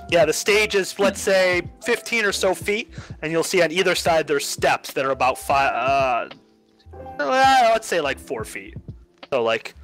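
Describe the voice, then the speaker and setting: A man's voice: a little high, a bit bright, poor audio. A man narrating as game master of a tabletop game, chatty and rambling.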